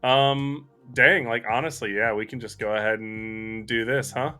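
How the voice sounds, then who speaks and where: Bright-voiced chatty man live coding. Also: medium pitch, steady tone, normal speed, clean tone, faint music behind. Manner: chatty, self-deprecating, thinks aloud while typing. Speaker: streamer co-hosting a live coding session. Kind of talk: casual live coding chat.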